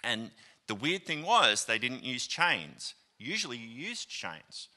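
Animated Australian man preaching. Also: medium pitch, slow. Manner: animated, acts out quoted voices, many fillers. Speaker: pastor. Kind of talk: storytelling sermon. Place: church auditorium.

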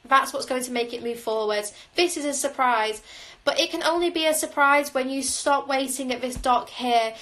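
Musing tarot-reading woman, higher voice. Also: fairly bright tone, poor audio. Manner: musing, intuitive, frequent "um" fillers. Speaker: tarot reader. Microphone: phone on a livestream.

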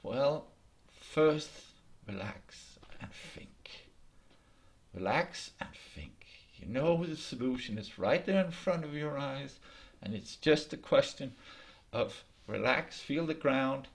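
Man playing a chill old-soul porcupine, low soft near-whisper, slow and soothing. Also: expressive. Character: calm wise porcupine, a gentle male friend.

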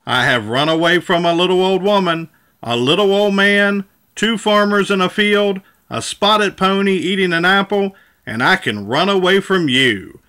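A man's voice: on the high side, lively intonation, moderate pace, sharp tone. A man voicing a boastful, cheeky gingerbread man in a children's storybook read-aloud, taunting in a sing-song way. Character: boastful cheeky runaway gingerbread cookie boy.

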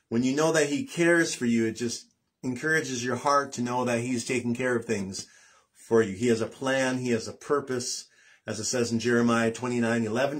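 A man giving a gentle devotional talk, slowly reading scripture verses aloud. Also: mid-range voice, breathy edge. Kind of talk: devotional talk then singing.

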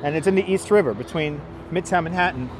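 A man from New York walks a city tour and greets his live stream viewers by name in an easy, chatty way. His voice sits a little high for a man. He talks into a clip-on mic, with faint city traffic noise behind him. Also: fast. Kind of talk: casual live-stream chat. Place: outdoors on city streets by a river. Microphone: wireless clip-on mic.

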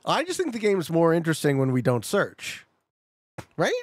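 A man streaming a geography game, chatting casually with his viewers and bursting out excitedly when he gets it right. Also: on the high side, moderate pace, no room sound. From Canada. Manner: chatty, talks to chat, excitable outbursts. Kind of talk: casual live-stream commentary.

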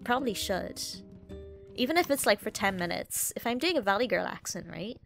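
A woman's voice: medium pitch, lively intonation, brisk, soft background music. A woman game streamer chatting casually on a live stream, rambling, giggly and profane.

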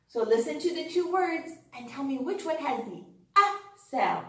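A woman teaching young children a phonics lesson, animated and sing-song, gasping with wonder and cheering them on. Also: sits high, measured pace, very echoey, recorded from a distance. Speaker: kindergarten teacher.

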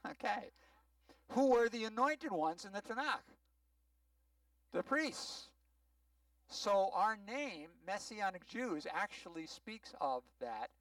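A rabbi giving a sermon-style teaching, explaining words patiently and often checking whether the congregation follows. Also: male voice, high voice, a bit bright, no echo, recorded from a distance, low-quality recording. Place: synagogue sanctuary.

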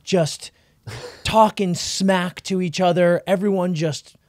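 A man co-hosting a sports podcast, ranting in casual chat with big swings between loud and quiet. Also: sits high, steady tone, slow pace, no room sound, studio quality. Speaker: podcast co-host.

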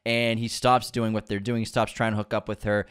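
A man's voice: fairly low pitch, flat delivery, brisk, fairly bright tone, smooth. A man co-hosting a podcast, recapping a comedy film in casual chat, laughing often and acting out quoted lines. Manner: laughing, acts out quoted lines in raised voices. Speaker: podcast co-host.

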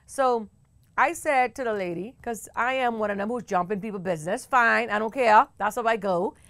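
A woman with a Bahamian accent hosting a talk show, telling a story in a chatty, animated way with bursts of laughter. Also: on the high side, normal speed, no room sound. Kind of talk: casual storytelling to camera.

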